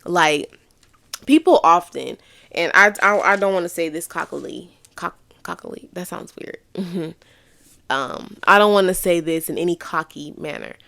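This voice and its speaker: Gravelly low-voiced woman, earnest talk. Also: unhurried, pushed and bright, no room sound. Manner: earnest, conversational, repeats for emphasis. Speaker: podcast host. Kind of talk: reflective casual monologue.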